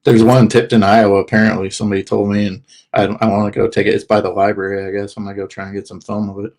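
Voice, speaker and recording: A man's voice: fairly low pitch, little pitch movement, very fast, darkish tone. A man chatting casually in a laid-back, rambling way. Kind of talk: casual chat.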